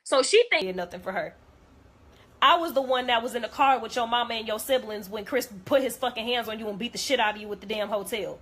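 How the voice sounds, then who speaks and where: A woman's voice: on the high side, quick pace, a bit bright. A woman telling a story to camera in a blunt, heated way, acting out the people in it.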